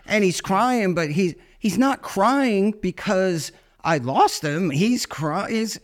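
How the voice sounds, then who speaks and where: A man's voice: high voice, lively intonation, slow, crowd noise. A man co-hosting a casual interview, enthusiastic and joking, calling people "man" and "dude". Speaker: podcast co-host.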